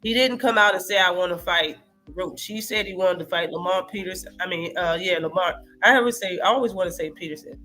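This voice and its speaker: High-voiced animated man on a live stream. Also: brisk, soft background music. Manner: animated, profane, reacts to live chat. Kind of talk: casual live-stream boxing talk.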